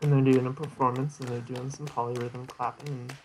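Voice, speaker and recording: A man's voice: medium pitch, level tone, a little fast, very noisy. A young man casually explaining a presentation he gave, rambling with lots of fillers and restarts. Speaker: streamer giving a presentation recap. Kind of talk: casual chat.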